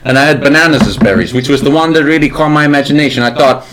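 A man's voice: a little high, fast talker, fairly bright tone. A man co-hosting a comedy podcast, rambling and laughing in an improvised bit. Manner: laughing a lot, playing a rambling detective. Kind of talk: improvised comedy role-play.

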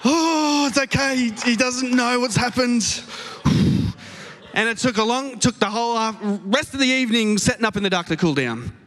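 A man with an Australian accent preaching a sermon, telling a story in an animated, self-mocking way on a stage microphone in a church auditorium. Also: very high voice, normal speed. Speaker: pastor. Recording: long hall reverb.

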